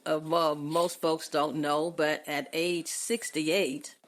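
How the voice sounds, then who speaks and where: A woman's voice: low-pitched, flat delivery, takes it slowly. A woman in her eighties, a guest on a podcast, chatting casually with frequent laughs and churchy turns of phrase. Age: 80s. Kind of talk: casual chat.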